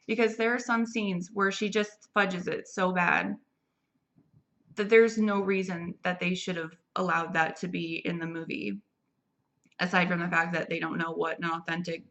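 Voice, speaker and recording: A woman's voice: mid-range voice, a bit bright, dull audio. A young adult woman giving a casual, rambling movie review, chatty and full of fillers and restarts. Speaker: film reviewer.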